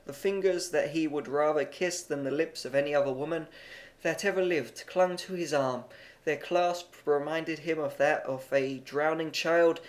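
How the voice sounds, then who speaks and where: A man narrating a short story in a plain, measured amateur audiobook reading, with occasional stumbles. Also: on the high side, fairly even intonation.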